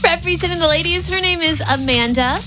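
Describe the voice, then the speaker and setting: Upbeat female radio co-host, high and very animated, over a music bed. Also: a little fast. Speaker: radio morning show co-host. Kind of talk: casual radio banter.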